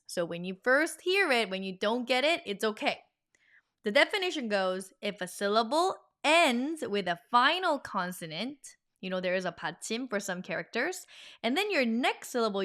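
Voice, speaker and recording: A woman teaching an online language lesson in an upbeat, animated, teacherly way. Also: medium pitch.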